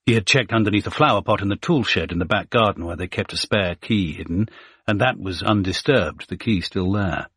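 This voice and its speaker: A man reads a suspense thriller aloud in a steady, measured manner. His voice is husky and sits fairly low. The recording is dry and close, with no room sound. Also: no room sound. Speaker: audiobook narrator. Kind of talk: scripted thriller narration.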